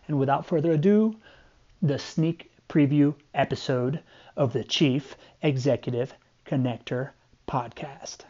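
Energetic podcast host with a warm voice. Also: male voice, highs cut off. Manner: upbeat, energetic pitch. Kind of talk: podcast intro.

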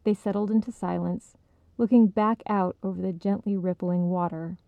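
A woman calmly narrating a short story as a storyteller. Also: medium pitch, vocal fry, dry recording, narrow, tinny audio. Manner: calm, measured reading.

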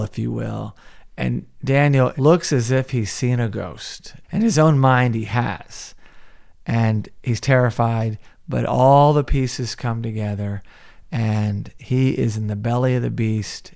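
Guy with a gravelly voice doing a chatty movie podcast, acts out the lines. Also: medium pitch, a little slow, darkish tone. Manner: retells scenes, acting out characters' lines. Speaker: podcast co-host. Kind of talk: casual podcast movie breakdown.

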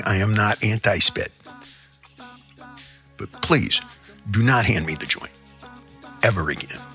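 Hosting a show, an older man from the American Midwest delivers a comedic rant monologue, wandering theatrically through his story and breaking off into abrupt asides. His mid-range voice comes across pushed and bright.

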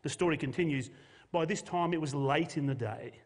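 A man's voice: on the high side, fairly quick. A man, a pastor preaching a sermon and telling a Bible story with jokey modern asides. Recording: long hall reverb.

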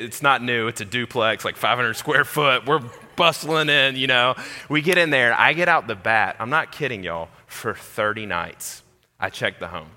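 Young man, animated storyteller, very bright voice, reverberant hall. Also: fairly low pitch. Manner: animated, acts out voices, swings loud and quiet. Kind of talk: comic personal story.

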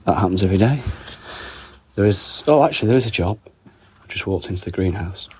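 Low-voiced man with a cold. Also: lively intonation, a little mellow, slightly rough. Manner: chatty, wry asides, reads labels aloud haltingly. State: under the weather with a cold. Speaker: podcast host. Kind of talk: casual rambling monologue. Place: garden greenhouse. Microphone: phone.

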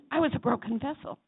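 A woman preacher delivering a sermon in a church chapel, swinging between loud exhortation and soft asides and calling on the congregation to answer. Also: high voice. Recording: tinny phone-like sound.

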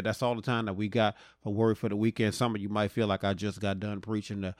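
Male pastor, lowish voice, dry close podcast sound, sermon delivery built on repeated rhetorical questions. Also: little pitch movement, dry recording. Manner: repetitive rhetorical questions, building preaching cadence; drawn-out emphatic phrasing.

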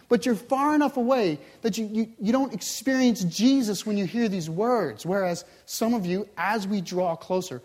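A male pastor delivering a sermon, swinging between loud, urgent passages and hushed, intense ones. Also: high-pitched, normal speed, few pauses.

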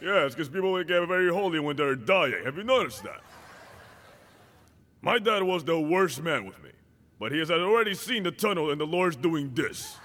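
Animated high-voiced male preacher in a hall. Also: moderate pace. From Dominican Republic. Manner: animated, acts out dialogue, shouts at peaks. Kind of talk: sermon.

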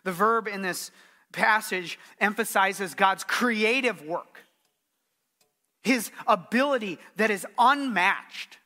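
A man's voice: sits high, slow, bright, forceful tone. A middle-aged man preaching a sermon as pastor, earnest and emphatic, repeating his key phrases.

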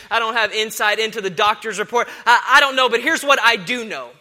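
A man's voice: very high-pitched, bright, forceful tone. A man in his thirties preaching a sermon as a pastor, impassioned and repetitive.

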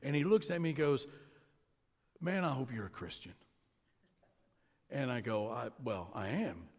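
A man's voice: mid-range voice, animated, darkish tone. Man preaching in a reverberant hall. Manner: storytelling, conversational with pauses. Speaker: pastor. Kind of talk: sermon. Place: church sanctuary. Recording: long reverb of a large hall.

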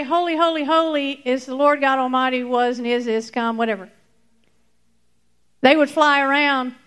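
A high-pitched woman teaches children a lively Bible lesson, acting out the story with fillers and sudden bursts of excitement.

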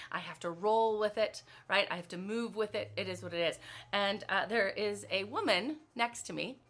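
A middle-aged woman leads her team in a motivational talk with a bright, ringing voice. She tells her stories in an animated way, filling them with "like" and "right?" and breaking into laughter often. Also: fairly high pitch. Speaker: leadership coach speaking to her team.

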